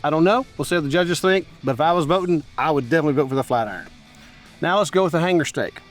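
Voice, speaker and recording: A man's voice: on the high side, very fast, soft background music. A middle-aged man hosting a barbecue cooking show outdoors at a grill, chatting enthusiastically and straight to his viewers as he tastes. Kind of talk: casual cooking and tasting commentary.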